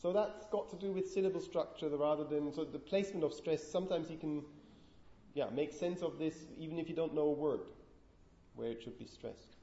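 A man's voice: on the high side, a little fast, warm tone. A man giving a university lecture on linguistics, explaining step by step and putting questions to the class. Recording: echoey, dull lecture room recording.

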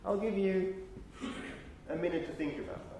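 A man with a fairly high voice gives a university lecture, explaining step by step and pausing to check that the class follows. The sound is roomy, with faint classroom noise behind him. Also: dark tone. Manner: explanatory, thinking aloud, frequent checks with students.

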